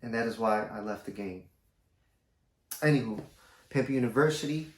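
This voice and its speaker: A man telling a personal story to camera in a casual, slangy, low-key way. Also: normal speed. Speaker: vlogger. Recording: roomy echo.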